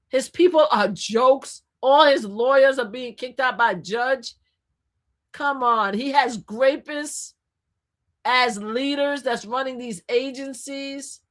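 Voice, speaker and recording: Emphatic woman streamer talking politics. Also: a little high. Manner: animated, emphatic, addressing viewers directly. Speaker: livestream host. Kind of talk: opinionated political commentary to viewers.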